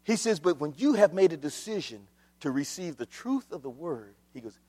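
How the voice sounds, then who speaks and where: A man preaching a sermon, swinging from hushed asides to shouted exclamations, addressing the church. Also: fairly high pitch, very animated, normal speed, husky, in a large hall. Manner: dramatic swings from hushed to shouted, call-and-response phrasing.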